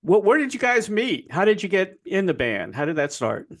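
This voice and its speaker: A man's voice: sits high, very animated, normal speed, a bit bright. Older guy hosting a rock interview, friendly, asks stuff, video call. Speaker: podcast host.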